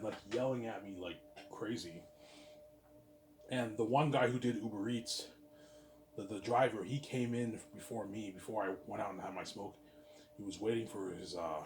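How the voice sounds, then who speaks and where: A man's voice: lowish voice, moderate pace, long pauses, slight background noise. A tired man telling a rambling, repetitive story to his viewers, swearing and stumbling over his words. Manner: rambling, repeats himself, swears, talks to himself. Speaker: vlogger. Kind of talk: casual storytelling monologue.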